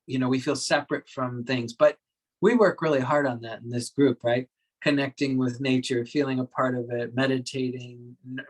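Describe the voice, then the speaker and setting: Gentle, reflective male meditation teacher. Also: medium pitch, rough recording. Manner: gentle and reflective, with soft laughs. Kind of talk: dharma talk to a workshop group.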